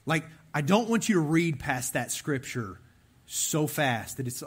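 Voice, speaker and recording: Young man, preacher, husky voice, lively swinging pitch, animated casual sermon. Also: moderate pace. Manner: animated, talks straight to the men in the room. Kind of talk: conversational sermon.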